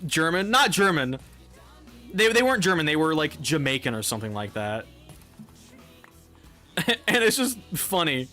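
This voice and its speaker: A man's voice: a little high, very animated, normal speed, long pauses, pushed and bright, faint music behind. A young man streaming a game, chatting casually in a rambling, profane way and laughing often. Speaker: live streamer.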